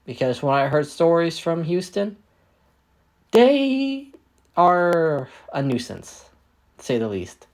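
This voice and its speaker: A man's voice: on the high side, very animated, slow pace, long pauses, pitched above the performer's own voice. Guy doing tired heist boss lady, sighs a lot, voice swings up and down. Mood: wary. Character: young woman heist crew leader, weary.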